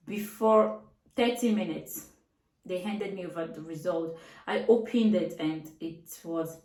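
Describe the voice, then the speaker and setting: A woman in her twenties telling a personal story in a casual, chatty way, acting out the voices in her dialogue. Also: mid-range voice. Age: 20s. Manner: chatty, animated, acts out quoted dialogue. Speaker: vlogger. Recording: echoey room, from a distance.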